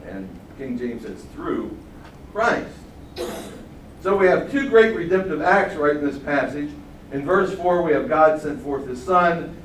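Older man, preacher, lively sermon delivery, slightly high voice, recorded from a distance in an echoey room. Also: measured pace. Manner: animated, swings from loud exclamations to quiet asides. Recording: roomy sound from far off the mic, faint hum.

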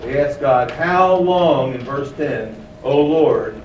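A man's voice: mid-range voice, animated, slow, highs cut off, slight background noise. A man preaching a sermon, explaining a passage and asking his listeners questions. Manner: explains, asks the room questions. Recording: echoey room, mic at a distance.

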